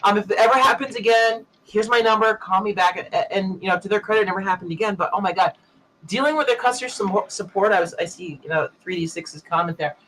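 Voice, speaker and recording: A man with a high, bright voice hosts a casual tech chat. He tells long stories and acts out the other people's lines as he goes. A faint hum of room noise sits under him. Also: fast, rough recording. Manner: animated anecdote teller, acting out other people's lines. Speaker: show host.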